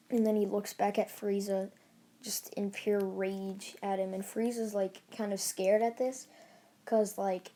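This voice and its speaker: A woman's voice: mid-range voice, level tone, moderate pace, warm tone. A woman casually retelling a fan story, rambling along with lots of fillers and restarts.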